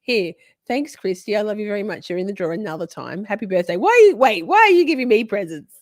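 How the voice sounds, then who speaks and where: A woman's voice: mid-range voice, very animated, fast, no room sound, clean studio sound. A woman hosting a live stream, chatting casually with viewers. She is playful, laughs often, swears freely and talks straight to her audience. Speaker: livestream host.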